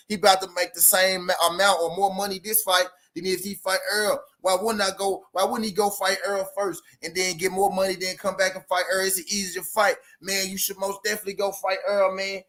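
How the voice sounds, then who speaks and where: A man hosting a live sports talk stream, reading out chat messages and ranting in a slangy, animated way. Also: high voice, fairly quick, hardly any pauses. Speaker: boxing talk show host.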